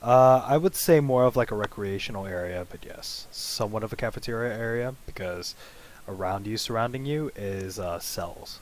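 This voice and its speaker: A man's voice: fairly low pitch, moderate pace, background noise. Rambling man running a tabletop game. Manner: casual, rambling narration with fillers. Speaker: game master. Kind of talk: narrating a tabletop role-play.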